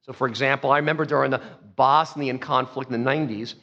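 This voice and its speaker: A man preaching a sermon as pastor, telling the story emphatically and swinging between soft and loud. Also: medium pitch, steady tone, fast, long reverb tail. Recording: dull lo-fi sound.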